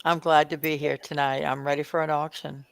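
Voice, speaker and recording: A woman joins a live auction stream over a video call, relaxed and easygoing. Her voice is low and smooth with a gravelly edge, and the sound is dry. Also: a little fast, no room sound.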